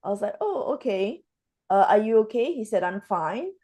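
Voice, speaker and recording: A woman's voice: medium pitch, very animated, normal speed, mellow. A woman hosting a casual talk show, retelling experiences and acting out the dialogue as she goes. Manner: acts out dialogue while retelling stories. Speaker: spiritual show host. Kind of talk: casual conversation, storytelling.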